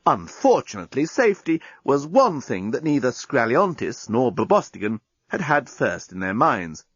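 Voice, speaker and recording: A husky man reads a comic novel aloud with a wildly animated lilt. His voice sits mid-pitch. The recording is dull and dry. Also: normal speed, no room sound. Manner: lively comic storytelling. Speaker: audiobook narrator. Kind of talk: scripted narration.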